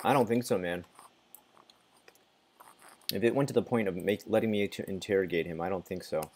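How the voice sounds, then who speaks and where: A man's voice: low-pitched, a little fast, darkish tone. A man casually commenting as he plays a game, muttering, reacting and sometimes swearing. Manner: mutters and reacts while playing, swears, laughs. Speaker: gaming channel host.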